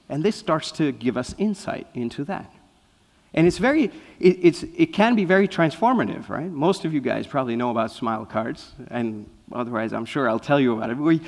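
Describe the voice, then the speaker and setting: Male guest speaker, lively storyteller, mid-pitched, long hall reverb. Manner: lively storyteller, often asking "right?". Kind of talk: anecdotal inspirational talk. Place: spiritual center hall.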